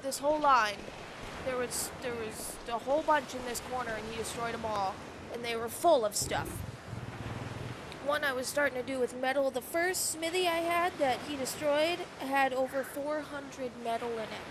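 A woman's voice: sits high, moderate pace. A young woman giving casual, annoyed gameplay commentary, ranting and swearing freely. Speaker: gaming YouTuber. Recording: loud background noise.

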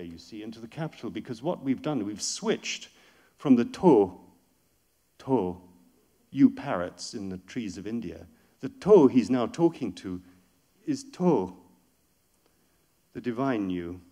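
Mellow-voiced man giving a poetry lecture. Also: mid-range voice, very animated, normal speed, slightly rough. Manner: explanatory, reads verse aloud with rising force.

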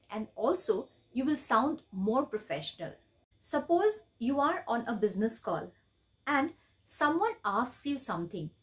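A woman teaching business English, explaining polite phrases step by step and saying example lines aloud. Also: a little high. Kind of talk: scripted lesson to camera.

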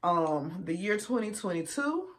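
A woman's voice: on the low side, very animated, a little slow. A woman, chatting casually to her viewers while she eats. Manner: chatty, addresses viewers as y'all and honey. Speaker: mukbang vlogger. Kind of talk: casual storytelling while eating.

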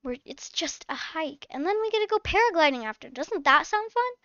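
High-voiced woman playing a scolding mom. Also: lively intonation, fairly quick, bright, forceful tone, no room sound, dull audio. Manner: chatty, mothering, scolding. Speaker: channel host playing a mom. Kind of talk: casual game role-play narration.

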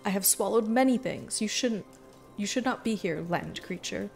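A woman's voice: mid-range voice, moderate pace, creaky, soft background music, close to an everyday voice. Grumpy sick sea serpent, voiced by a woman. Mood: haughty. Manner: haughty, archaic, suspicious.

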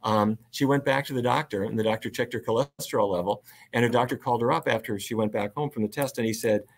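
A middle-aged man, a physician guest, telling stories in a relaxed, animated way with frequent laughs. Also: mid-range voice, fast. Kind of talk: conversational storytelling.

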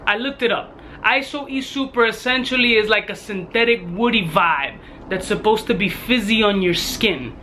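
A man reviewing a fragrance in a blunt, casual vlog, swearing constantly and retelling his story with animated energy. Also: high voice, moderate pace, slight background noise.

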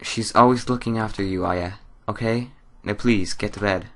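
A man reads a stern, mad doctor father from a horror game in a low, hushed tone. The voice stays soft and soothing, with a bright edge to it. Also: steady tone, normal speed.

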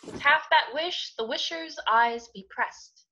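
A woman playing a modest young woman who gently teases her lover, reading Shakespeare verse on a dull, lo-fi video call. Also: sits high, slow pace, slight background noise, exaggerated voice. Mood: teasing.

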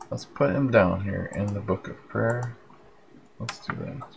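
Gravelly low-voiced man hosting a livestream. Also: big pitch swings, moderate pace, slight background noise, poor audio. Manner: rambling, friendly, reads out viewer comments. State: tired, yawning late at night. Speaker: livestream host. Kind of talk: casual live broadcast chat. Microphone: headphones with plug-in mic.

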